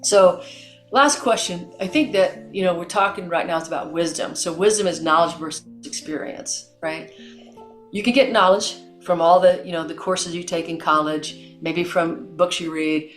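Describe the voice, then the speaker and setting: A middle-aged woman hosting a podcast, telling stories in an animated way and acting out the dialogue. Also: fairly low pitch, moderate pace, reverberant, faint music behind. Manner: animated storyteller, acts out dialogue. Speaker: podcast host. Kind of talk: conversational interview.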